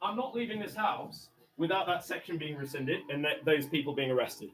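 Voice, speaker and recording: An Englishman livestreaming from inside a house, aggressive and profane, swinging between low muttering and angry shouting as he makes demands. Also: expressive, a little fast, slight background noise. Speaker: livestreamer in a police standoff. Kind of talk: livestreamed confrontation.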